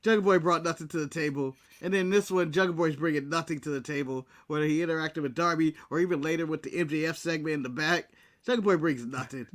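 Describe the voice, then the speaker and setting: A man's voice: fairly high pitch, fast, a bit bright. An American man co-hosting a casual wrestling recap show, talking bluntly and laughing often. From United States. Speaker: podcast co-host.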